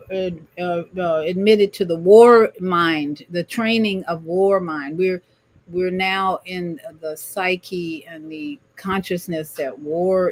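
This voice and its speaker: A woman hosting a spiritual livestream talk show, speaking in an emphatic, preachy way and often repeating words. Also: on the low side. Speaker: livestream host.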